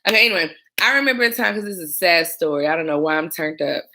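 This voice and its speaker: A young woman, telling stories about her former job as a 911 dispatcher in a casual chat. She talks in a smooth, calm voice that turns animated when she acts out the people who called in. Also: on the low side, rapid-fire. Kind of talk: casual chat, storytelling to camera.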